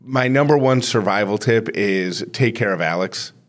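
A man's voice: on the low side, moderate pace. A man recording a heartfelt personal message with parenting advice, speaking earnestly and with emotion. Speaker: guest giving parenting advice.

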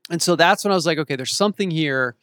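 A man in his forties, an actor and author, telling stories as an interview guest, animated and acting out the voices of the people he quotes. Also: on the high side, rapid-fire, smooth, no echo, clean studio sound. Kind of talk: casual storytelling in an interview. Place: home in Los Angeles.

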